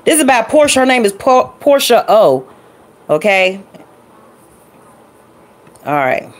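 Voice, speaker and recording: A woman's voice: a little high, sing-song, takes it slowly. Chatty woman vlogger talking to y'all. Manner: loose, chatty, talks to viewers as y'all. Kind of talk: casual impromptu vlog chat.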